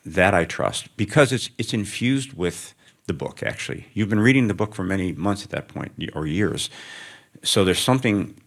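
A man with a very low, deep voice talks as a writer in front of a student audience. He answers in a reflective, wandering way, slipping in wry asides. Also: animated, normal speed, vocal fry. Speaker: writer, guest of an onstage interview. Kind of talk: answering questions before a live student audience.

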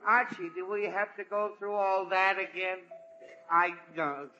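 A man's voice: sits high, fairly even intonation, a little slow, sharp tone, highs cut off, full character voice. An actor playing a weary, irritable middle-aged father in an old-time radio sitcom, sighing in exasperation. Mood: exasperated weary. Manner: exasperated, sighs "oh, me".

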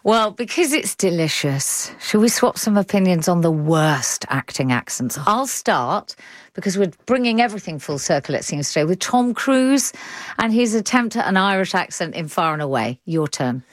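Low-voiced woman radio host. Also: sing-song, moderate pace, dry recording, clean studio sound. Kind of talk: radio arts presenting.

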